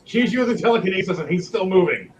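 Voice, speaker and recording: A man's voice: high voice, lively intonation, fast talker, muffled recording, slight background noise, voice pushed up. A man voicing a bloodthirsty werewolf brawler who taunts his foe. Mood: startled.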